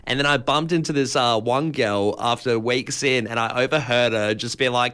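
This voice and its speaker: An Australian man hosting breakfast radio, chatty and quick to laugh. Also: medium pitch, fairly bright tone, clean tone. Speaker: radio host. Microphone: studio microphone.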